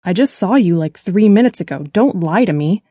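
A man's voice: sits high, normal speed, warm tone, husky, dry recording, studio quality. A woman narrator voicing a worried young man who is calling his sister from abroad, speaking urgently and earnestly in an audiobook. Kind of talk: audiobook character voice.

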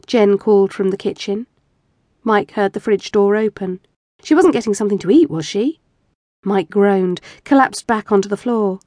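A woman's voice: medium pitch, normal speed, a little mellow, no echo. Woman reading an audiobook, dry and close. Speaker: audiobook narrator. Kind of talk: scripted narration of erotic fiction.

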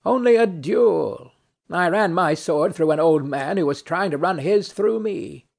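A man's voice: on the high side, animated, a little slow, vocal fry, a little mellow, exaggerated voice. A man reading a weary, mocking nobleman. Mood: weary, brooding. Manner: dry, mocking, philosophical. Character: weary, ironic nobleman and duelist in hell. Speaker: audiobook narrator. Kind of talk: reading a stage play aloud.

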